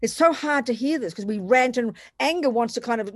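A woman teaching Buddhist ideas in a conversational dharma talk, animated and self-deprecating, slipping into other people's voices to make her points. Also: a little high, a little fast, no echo, studio quality. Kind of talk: dharma talk to a retreat group.

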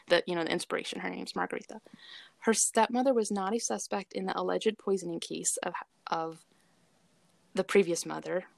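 A woman with a low, gravelly voice chatting casually as a podcast co-host. She talks in a loose, hesitant way and fills her sentences with ums and likes. The sound is dry and close. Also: no room sound. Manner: chatty, hesitant with many fillers. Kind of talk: casual chat.

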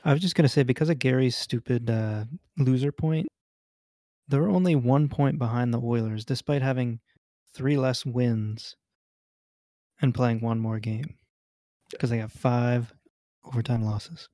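A man in casual sports chat, speaking quickly with an indignant edge. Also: mid-range voice, mellow, no room sound, studio quality.

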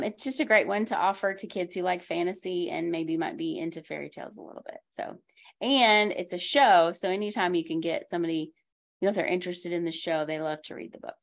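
Gravelly chatty woman book-talk host. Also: fairly low pitch, brisk. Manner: chatty, laughs easily, many asides. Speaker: school librarian podcast host. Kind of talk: casual book talk chat.

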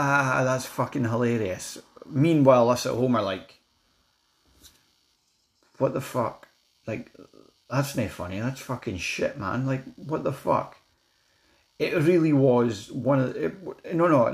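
Angry, sweary Scottish man ranting. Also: medium pitch. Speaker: vlogger reviewing a comedy special. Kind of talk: ranting review.

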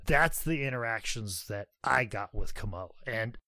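A man's voice: on the low side, expressive, normal speed, pushed and bright, no room sound. Podcast co-host, male, loose rambling storyteller, swears freely, mimics others, dry recording. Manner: profane, rambling anecdotes with many "like"s; acts out others' voices while telling stories. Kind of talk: casual storytelling chat.

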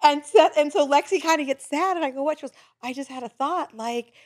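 A middle-aged woman telling a story in casual chat, animated and acting out what others said. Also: high voice, brisk. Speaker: guest.

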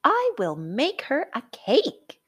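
Lady putting on a bright excited little boy, storybook voice, higher and lively. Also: slow, no room sound, full character voice. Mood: eager. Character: eager cheerful young boy baker.

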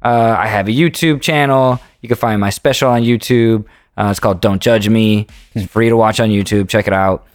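A man's voice: on the low side, steady tone, moderate pace, dry recording, studio quality. A man hosting a podcast, wrapping up with a guest in a laid-back, casual way. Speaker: podcast host.

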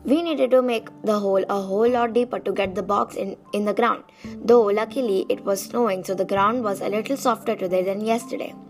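A woman's voice: medium pitch, brisk, faint music behind. A young woman who has lost her voice reads a children's diary book aloud in a casual, chatty way, with small restarts. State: losing her voice. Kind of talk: casual storybook reading.

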